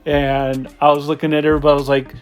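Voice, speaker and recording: A man telling a casual, animated story about a football game he watched from the stands. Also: on the high side, very fast, clean tone, faint music behind. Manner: excited, animated game recap with laughs. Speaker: football fan.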